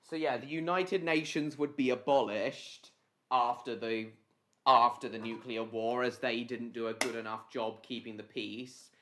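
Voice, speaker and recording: A man hosting a casual live stream, his voice at an ordinary middle pitch. He rambles through his ideas with lots of basically and reckon, breaking off mid-sentence to greet and answer viewers by name. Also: fairly even intonation, a little slow, a bit bright, a little hiss or hum.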